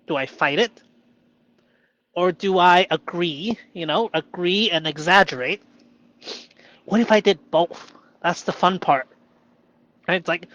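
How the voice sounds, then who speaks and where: A man talking alone about his inner state, halting and self-questioning, who sometimes argues playfully with a mock inner voice. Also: fairly high pitch, a bit bright, lo-fi sound. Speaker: vlogger reflecting on improv. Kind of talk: solo reflective monologue.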